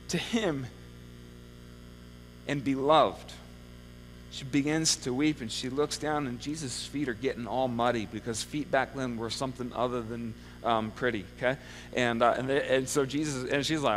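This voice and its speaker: Male pastor, conversational sermon, slightly high voice, long church reverb, faint hum. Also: a bit bright. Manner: conversational preaching with frequent "okay?" check-ins. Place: church sanctuary.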